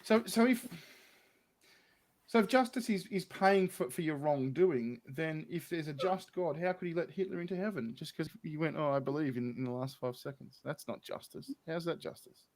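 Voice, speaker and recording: A man's voice: on the high side, moderate pace. An Australian man, a guest in a casual interview, asking probing questions with lots of stammered repeats. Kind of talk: casual conversation.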